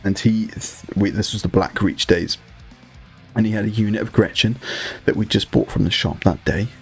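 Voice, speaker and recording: A young British man with a British accent chats casually to his live-stream audience as a hobby streamer, joking and swearing as he banters with the chat. His low-ish, slightly rough voice has vocal fry and a steady tone at normal speed, with faint music behind.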